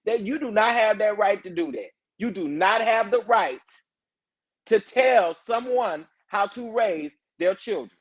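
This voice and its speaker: A man hosting a casual morning chat, reacting to viewer comments and getting emphatic and loud when worked up. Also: high voice, a little slow. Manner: animated, emphatic, rising to loud protest when fired up. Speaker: reality TV commentary host.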